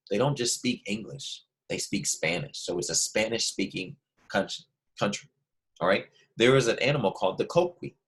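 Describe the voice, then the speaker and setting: A man teaching a lesson to first graders, speaking slowly and clearly, repeating key words and prompting the class to say them back. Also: medium pitch. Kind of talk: classroom lesson for young children.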